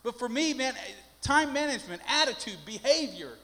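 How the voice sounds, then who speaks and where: Older male pastor, high-pitched, folksy and emphatic, recorded in a reverberant sanctuary. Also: expressive, normal speed, sharp tone. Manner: folksy storytelling, rising to emphatic preaching. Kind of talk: sermon. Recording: long hall reverb.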